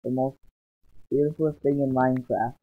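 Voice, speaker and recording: Excitable young man narrating gameplay. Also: medium pitch, husky, no room sound. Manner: excitable and rambling, often exclaiming. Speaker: gaming channel host. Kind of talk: casual gameplay commentary. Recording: dull lo-fi sound. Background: faint background music.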